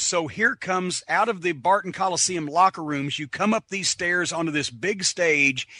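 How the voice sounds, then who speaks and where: An older man, a wrestling manager, telling animated stories in a casual podcast and slipping into voices to act out moments. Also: high-pitched, no echo. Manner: animated storyteller, does voices when retelling. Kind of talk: podcast storytelling.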